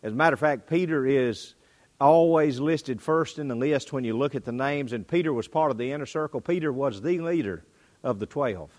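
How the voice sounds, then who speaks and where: A man preaching a sermon, swinging between loud bursts and quiet drops. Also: normal speed. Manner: dynamic delivery, pitch and volume rising and dropping.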